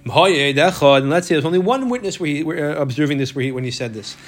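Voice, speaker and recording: A man's voice: on the high side, animated, fairly quick. Man teaching a Talmud class. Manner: explains step by step, repeats words, restarts often. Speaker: Torah teacher.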